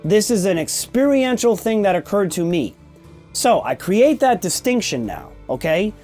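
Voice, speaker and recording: Man in his forties, podcast host, high voice, blunt and emphatic, casual swearing, faint music behind. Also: very animated, normal speed, dark tone. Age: 40s. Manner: emphatic, keeps checking in with "okay?". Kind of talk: candid personal storytelling monologue.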